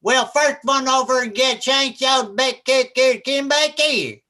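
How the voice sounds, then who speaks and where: Man imitating a slurring country boy, slow, high, mumbled. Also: sharp tone, full character voice. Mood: earnest. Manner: slow, slurred, hard to understand.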